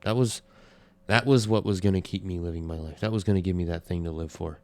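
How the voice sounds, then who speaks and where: A man with a very low voice that has a gravelly edge. He talks bluntly and openly in a casual podcast chat. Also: fast, a little mellow, dry recording. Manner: blunt, open about personal loss. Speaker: podcast co-host.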